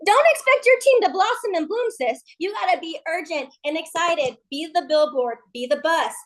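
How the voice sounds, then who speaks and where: A woman's voice: very high voice, expressive, moderate pace. A woman leading a team call, giving an upbeat motivational pep talk with folksy slang. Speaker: MLM team leader on a call.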